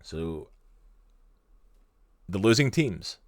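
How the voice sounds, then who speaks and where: A man's voice: deep voice, very animated, very slow, no room sound, studio quality. A Scottish man co-hosting a live stream, chatty and enthusiastic, in casual talk. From Scotland. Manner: chatty and enthusiastic, with lots of "literally" and "like". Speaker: stream co-host.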